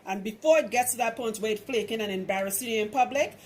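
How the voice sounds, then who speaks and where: A woman's voice: a little high, fast talker. A woman from Trinidad, a loctician, giving frank, chatty hair-care advice in a casual how-to vlog. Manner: chatty, frank, laughs often.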